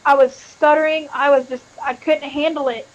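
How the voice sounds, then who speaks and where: A woman with a high-pitched voice talks candidly on a live stream, emotional and full of swearing. The audio is dull and lo-fi. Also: little pitch movement, normal speed. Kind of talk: confessional live-stream chat.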